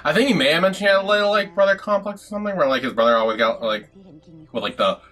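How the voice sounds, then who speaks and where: Animated man reacting with bright voice. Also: high-pitched, rapid-fire, faint music behind. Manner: animated, swearing, laughing asides. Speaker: reaction video host. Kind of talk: casual reaction commentary.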